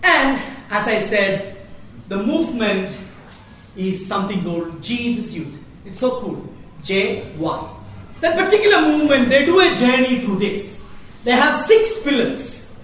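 An animated woman presenting a Catholic faith workshop, often laughing as she talks. Her high voice swings widely in pitch. She is heard from a distance in a very echoey hall, with faint background noise. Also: measured pace.

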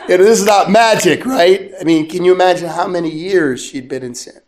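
A man, a priest, preaching by telling a story in a chatty, animated way with bursts of laughter. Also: sits high, moderate pace, crowd noise. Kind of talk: storytelling sermon. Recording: echoey room with faint noise.

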